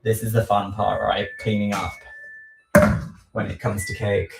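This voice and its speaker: An unhurried man rambles his way through a home baking livestream, teasing himself about the mess, his speech scattered with ums. He sits back from the camera mic, so his middle-pitched voice comes across distant and roomy, with faint noise behind him. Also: completely flat delivery, creaky, music in the background. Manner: slow, rambling, self-deprecating, many ums. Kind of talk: casual livestream chat while frosting a cake. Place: home kitchen. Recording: echoey room, voice far from mic.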